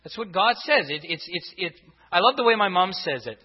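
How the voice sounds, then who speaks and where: A man's voice: high voice, expressive, a little fast, breathy edge. A man preaching a sermon to his congregation, driving his points home with repeated rhetorical questions. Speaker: pastor. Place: church sanctuary. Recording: dull reverberant church recording.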